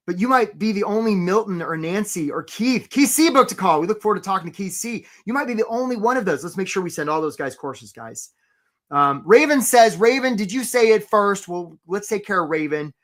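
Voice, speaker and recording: A man hosting a live career webinar. He talks with energy, keeps asking "right?" and gives quick shout-outs to viewers. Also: high voice. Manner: acts out voices for stories, playful.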